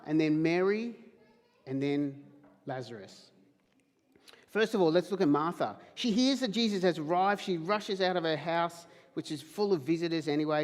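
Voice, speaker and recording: A man's voice: a little high, big-room sound. A man preaching a sermon as pastor, emphatic, acting out quoted questions. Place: church hall.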